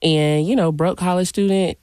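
A woman in her late twenties, a DJ, guest on a radio show, talking in an animated, chatty way with playful asides. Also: lowish voice, normal speed, clear, resonant tone, no room sound, clean studio sound. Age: late 20s. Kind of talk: radio interview. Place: radio studio.

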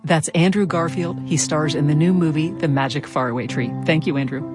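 A woman's voice: low voice, fairly even intonation, fairly quick, music in the background. A woman hosting a public radio interview, asking curious, conversational questions. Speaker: radio host.

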